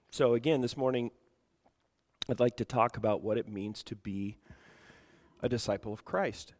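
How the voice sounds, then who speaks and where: A middle-aged male pastor preaching a sermon, clearing his throat often from allergies. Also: mid-range voice, unhurried, long reverb tail. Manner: prays softly, then preaches louder with frequent throat clearing. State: congested from allergies.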